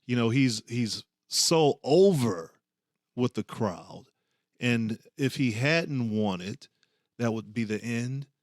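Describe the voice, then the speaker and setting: A man co-hosting a casual wrestling podcast, talking in a relaxed way with many fillers. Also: mid-range voice, slow pace, no room sound, studio quality. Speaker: podcast co-host, former referee. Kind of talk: casual sports chat.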